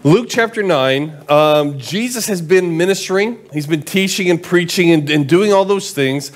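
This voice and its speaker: A man preaching in a relaxed, conversational way, with a fairly high voice. He talks to the congregation loosely and often restarts his sentences as he goes. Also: moderate pace. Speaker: pastor. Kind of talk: sermon.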